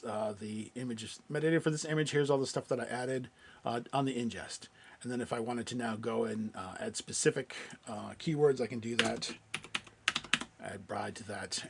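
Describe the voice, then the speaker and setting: A man presenting a software webinar, walking through a live screen-share demo in a loose, conversational way with many fillers and restarts. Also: mid-range voice, vocal fry, a little hiss or hum.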